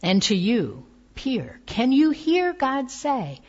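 A woman preaching a sermon, reading slowly with soft, tender emphasis. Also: sits high, big pitch swings, slightly rough. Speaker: pastor. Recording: dull lo-fi sound.

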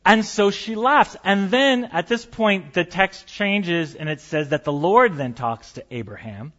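Man, pastor, relaxed sermon, storytelling, slightly high voice, dull lo-fi recording. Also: unhurried. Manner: conversational and storytelling, with light humor.

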